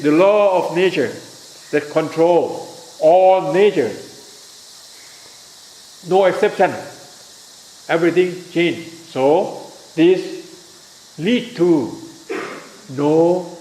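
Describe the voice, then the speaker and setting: A man with a Thai accent, not a native English speaker, giving a Buddhist teaching in simple halting English. He keeps asking his listeners whether they understand and spells words out letter by letter. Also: a little high, a little mellow. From Thailand. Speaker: Dhamma teacher. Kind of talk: Buddhist teaching talk to a group. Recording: echoey room with faint hiss.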